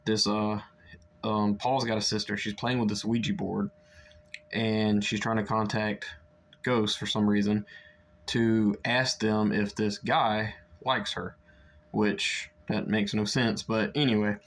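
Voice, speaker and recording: A man's voice: on the low side, little pitch movement, takes it slowly. A young man chatting casually through a book review, rambling with lots of fillers and restarts.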